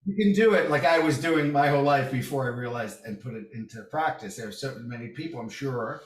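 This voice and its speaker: A man's voice: medium pitch, a little fast. A man guest in a casual podcast chat, telling stories with energy and acting out the voices of people he quotes. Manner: animated, acts out quoted voices. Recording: roomy echo, distant mic.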